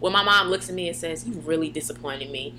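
Young woman co-host, casual chat, bright sound, faint hum. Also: quick pace. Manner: animated storytelling, acts out quotes in a high voice. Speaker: podcast co-host.

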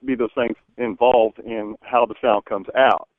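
A man's voice: medium pitch, fairly even intonation, measured pace, no echo. Rambling man calling in by phone. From American South. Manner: rambling, many restarts. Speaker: caller. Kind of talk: phone-in call. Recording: phone line.

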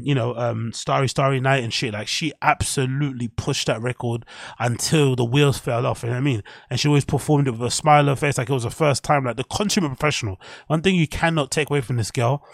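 A man's voice: mid-range voice, vocal fry, dry recording. Young guy ranting on his podcast, swears a lot, dry close mic. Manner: opinionated, profane, laughs at own jokes. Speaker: podcast host. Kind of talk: casual rambling chat.

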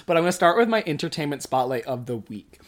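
Young podcast host in their early 20s, rambly and self-conscious, giggles a ton, mid-pitched voice, just chatting away. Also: sing-song, quick pace. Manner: rambling, giggly, laughs often. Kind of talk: casual solo podcast chat.

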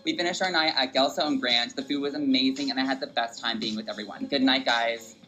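A man reading a scripted, upbeat social media video voice-over in a brisk, list-like way. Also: medium pitch, bright, forceful tone, dull audio, faint music behind.

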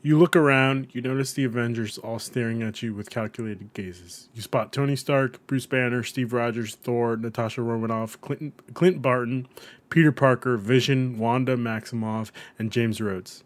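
A man co-hosting a podcast, reading a quiz aloud in a playful, rambling, animated way. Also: medium pitch, moderate pace. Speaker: podcast co-host.

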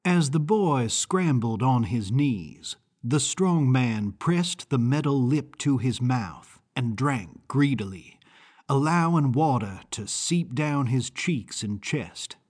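A man reading first-person audiobook narration in a measured, deliberate way. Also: medium pitch, animated, darkish tone, husky.

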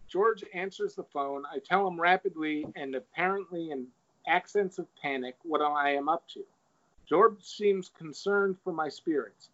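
A man's voice: a little high, fairly bright tone. A man in casual chat, retelling an essay and reading quoted passages aloud. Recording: dull lo-fi recording.

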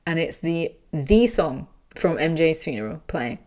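A woman hosting a podcast, telling a personal story in frank, animated casual talk and swearing freely. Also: deep voice, measured pace.

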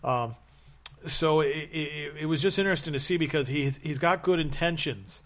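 A man's voice: a little high, normal speed. A man in casual chat, telling long stories with many fillers and restarts and acting out quotes. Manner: rambling, animated storytelling with acted-out quotes.

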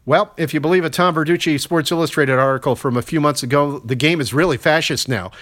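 A man's voice: fairly high pitch, quick pace, fairly bright tone. A man in his sixties hosting a sports podcast, giving solo baseball commentary in a conversational way, with wry asides and lots of statistics. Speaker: podcast host.

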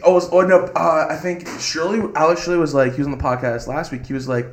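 A young man co-hosting a podcast who is excitable and keeps jumping in with slang. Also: on the high side, quick pace, roomy sound. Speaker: podcast co-host. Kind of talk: casual chat.

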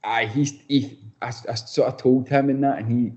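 A man's voice: mid-range voice, fairly even intonation, moderate pace, a little mellow, highs cut off. A young Scottish man, a footballer being interviewed, chatting casually with lots of restarts and repeated words. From Scotland. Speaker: footballer guest.

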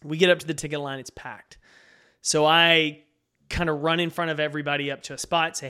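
A man's voice: on the high side, little pitch movement, fairly quick, bright, forceful tone, clear, resonant tone. A man, hosting a solo podcast and telling a personal story in an earnest, conversational way. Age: 40s. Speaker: podcast host and speaker.

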